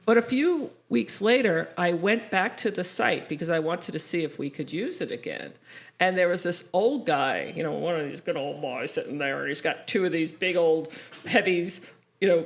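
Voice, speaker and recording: A woman tells a story on a podcast, her voice swinging high and low as she goes. She laughs often, in a relaxed, chatty way. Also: gravelly. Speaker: podcast co-host. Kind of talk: casual storytelling chat.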